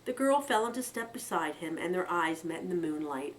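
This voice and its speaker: Expressive American woman reading a storybook aloud. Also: fairly quick, far from the mic, slight background noise, poor audio. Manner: expressive, lifting her pitch for quoted lines. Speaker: children's book reader.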